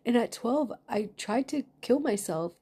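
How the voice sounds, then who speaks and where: Angry and raw, a woman vlogger pours out a confessional monologue packed with fury and swearing. Her husky voice is a little high and dark in tone, animated yet unhurried.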